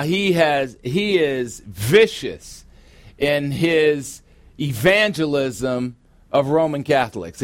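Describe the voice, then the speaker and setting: A middle-aged man preaching a sermon as pastor, with emphatic, drawn-out stresses. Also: fairly high pitch, fairly bright tone, no room sound. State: sweating, warm from preaching. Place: church sanctuary.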